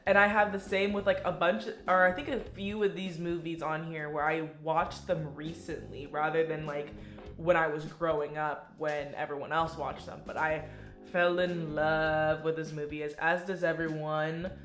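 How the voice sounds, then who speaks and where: A woman from Texas chatting casually, animated and playful, quick to laugh. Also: low voice, soft background music. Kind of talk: casual chat. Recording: roomy echo.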